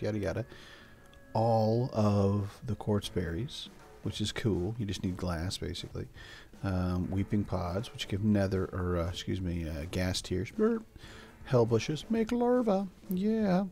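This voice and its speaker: A low-pitched, gravelly, dark voice with fairly even intonation comes from an older man speaking at normal speed. He hosts a gameplay video with rambling, casual let's-play chat, cooing at his pets, as faint music plays in the background.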